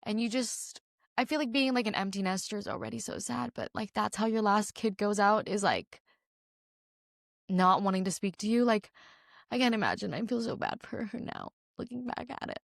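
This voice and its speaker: A woman's voice: medium pitch, moderate pace, creaky, no echo, clean studio sound. A young woman, hosting a podcast and telling a personal story in a casual, rambling way with lots of "like"s. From Canada. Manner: rambling, many "like"s, emphatic and candid. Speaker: podcast host.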